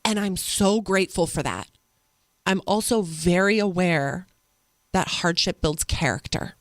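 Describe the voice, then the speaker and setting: A woman guest on an interview show, a mother telling stories in an earnest, animated way. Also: fairly low pitch, measured pace, no room sound. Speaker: podcast guest. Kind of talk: conversational interview storytelling.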